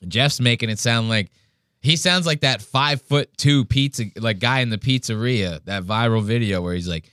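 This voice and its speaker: A man's voice: medium pitch, normal speed, smooth, no echo, studio quality. A man hosting a podcast in casual chat, swearing often and mimicking people as he tells stories. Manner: profane, animated, mimics people mid-story. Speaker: podcast host.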